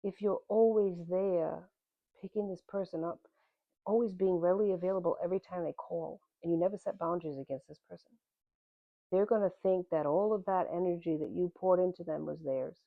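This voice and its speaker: A woman's voice: on the low side, brisk, creaky, no room sound. A woman giving a tarot reading, speaking straight to the viewer in a direct, plain-spoken way and calling them "man" and "honey". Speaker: tarot reader. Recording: tinny phone-like audio.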